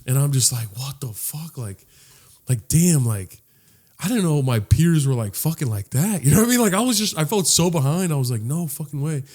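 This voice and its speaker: Young man telling a story, animated. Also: fairly high pitch, fairly quick. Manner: animated, acts out voices in his stories. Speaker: podcast co-host. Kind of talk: casual comedic storytelling.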